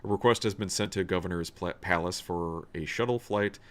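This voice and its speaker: Deep-voiced man streaming a game. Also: fairly quick, a bit bright. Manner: casual, swears, stumbles while reading. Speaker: streamer playing a role-playing video game. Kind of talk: casual gameplay livestream, reading game text aloud.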